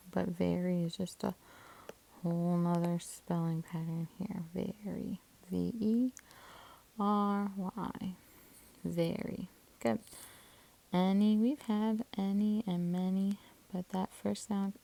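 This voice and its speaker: A woman's voice: fairly low pitch, vocal fry, dark tone, poor audio. A woman teaching a spelling lesson, patiently sounding out syllables and coding words, sometimes dropping to a whisper.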